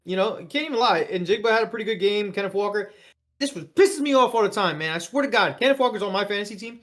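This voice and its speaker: A podcast co-host in casual sports chat, excitable and swearing, with the voice jumping up when worked up. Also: fast talker. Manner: excitable, swearing, pitch jumps up when fired up.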